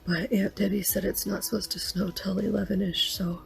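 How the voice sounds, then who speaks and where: A woman's voice: mid-range voice, level tone, normal speed, gravelly, soft background music. A woman leaving a rambling, heartfelt voice message for a relative. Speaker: vlogger.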